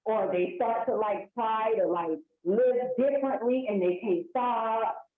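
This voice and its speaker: Lively woman explaining with slangy scenes. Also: on the high side, a little slow. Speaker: host explaining hypnosis. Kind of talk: casual explanatory talk. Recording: echoey, tinny phone-like sound.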